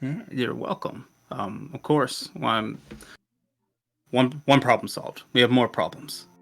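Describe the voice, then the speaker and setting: A woman voicing a deep-voiced, gravelly male ship crewman who talks in a patient, encouraging way in a tabletop game. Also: slow, exaggerated voice. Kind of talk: game character voice.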